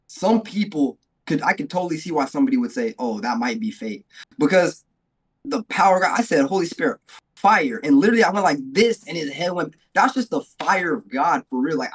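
A man's voice: on the high side, husky. A man from New Mexico, a guest evangelist, telling his story in a loose, casual way with fillers. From Albuquerque, New Mexico, US.

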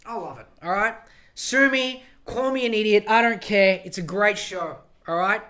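A man's voice: high-pitched, normal speed, pushed and bright. A man hosting a podcast alone, ranting in a profane, rambling, emphatic way. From Australia. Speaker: podcast host. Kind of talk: solo podcast rant.

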